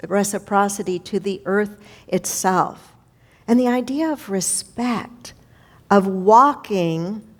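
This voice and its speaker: A woman's voice: mid-range voice, a little mellow. A woman minister giving a spiritual lesson to a congregation, reflective and repeating key phrases for the audience to say back.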